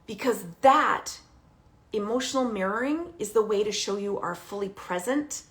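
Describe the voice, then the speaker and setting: A woman coaching parents directly, animated and emphatic, often checking in with a quick "okay?". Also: medium pitch. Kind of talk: direct-to-camera coaching talk.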